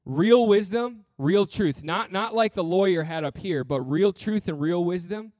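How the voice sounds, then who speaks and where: A man's voice: high voice, lively intonation, unhurried, a little mellow, dry recording, clean studio sound. A man preaching a sermon as pastor, earnest and blunt, with touches of humor and repeated phrases.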